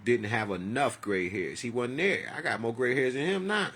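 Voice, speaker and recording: A man's voice: mid-range voice, moderate pace, fairly bright tone, breathy edge. A man in his forties talking in a rambling, profane, heartfelt personal monologue. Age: 40s.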